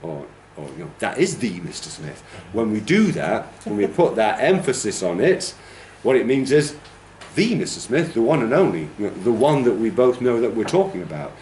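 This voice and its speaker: Speaking briskly with few pauses, a British trainer uses a fairly low, sing-song voice with a darkish tone to teach pronunciation and model stress patterns aloud. The lecture sounds roomy, with a little hiss or hum.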